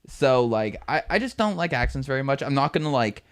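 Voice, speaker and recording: A young man in casual podcast chat, with a mid-pitched voice. He talks bluntly and swears freely. He laughs often between his thoughts. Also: very animated, fairly quick. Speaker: podcast co-host.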